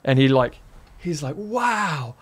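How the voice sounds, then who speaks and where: A New Zealand man with a matching accent tells a story as a podcast guest, casual and animated, laughing often and saying "like" a lot. His medium-pitched voice moves at a normal speed and sounds clear and resonant.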